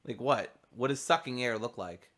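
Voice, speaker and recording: Bright-voiced joking male game streamer. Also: medium pitch, normal speed. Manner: jokey, laughs often, teasing banter. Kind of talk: casual gameplay commentary.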